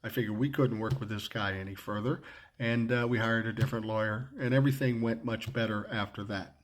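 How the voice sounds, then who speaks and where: A man's voice: on the low side, steady tone, a little fast. Blunt, profane older man telling a story. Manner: blunt, profane, acts out both sides of quoted dialogue. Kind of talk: casual spoken anecdote.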